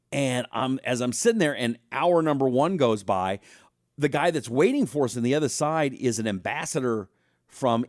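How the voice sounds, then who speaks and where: A man hosting a talk show, delivering a casual monologue as an animated storyteller who speaks straight to his audience. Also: medium pitch, dry recording, studio quality. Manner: animated storyteller, acts out voices, talks directly to the audience.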